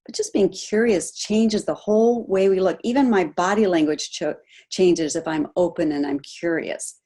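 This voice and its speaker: A woman coaching a group on a video call, animated, asking her listeners questions and acting out example voices. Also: lowish voice, moderate pace, husky. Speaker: health coach.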